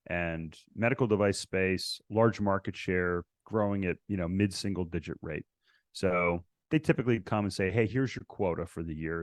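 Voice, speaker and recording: A man as a podcast guest, telling stories in a casual, animated way and acting out past conversations. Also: low-pitched, dry recording, studio quality. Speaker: podcast guest, real estate investor. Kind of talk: casual interview storytelling.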